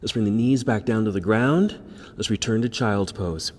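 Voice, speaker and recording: A man teaching a yoga class with calm, encouraging step-by-step cues. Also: lowish voice, moderate pace. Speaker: yoga instructor. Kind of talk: guided yoga class instruction. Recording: echoey room with faint background noise.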